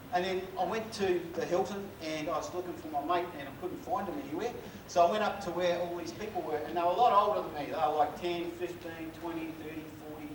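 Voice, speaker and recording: Joking New Zealand man on a stage. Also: on the high side. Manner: casual, joking, banters with the audience. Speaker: keynote speaker. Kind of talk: humorous keynote storytelling. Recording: echoey hall, far from mic, noisy.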